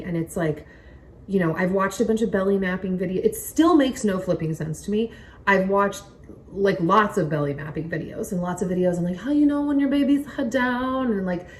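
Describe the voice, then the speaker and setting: A young woman chatting casually to camera from home in a rambling, excitable way. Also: medium pitch. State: pregnant, recovering from nausea. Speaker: vlogger. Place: home, indoors by a window. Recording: somewhat distant mic, faint noise.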